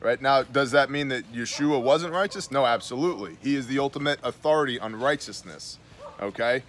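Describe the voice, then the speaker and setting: New guy reading bible verses then riffing on them, blunt and chatty, middle pitch. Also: a little fast, a bit bright, slight background noise. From New York. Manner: conversational, reads scripture aloud then comments with blunt asides. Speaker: host. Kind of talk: casual Bible study talk.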